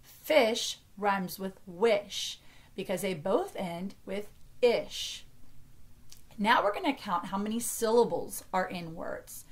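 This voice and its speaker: A woman's voice: medium pitch, big pitch swings, takes it slowly. An American woman in her thirties, a teacher giving an early-grade reading lesson and carefully sounding out words for young children. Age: 30s.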